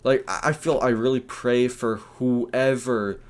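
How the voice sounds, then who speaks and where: Brief: young man, casual home stream, rambling, animated, slangy storyteller. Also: mid-range voice, a little slow. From United States. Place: at home, indoors.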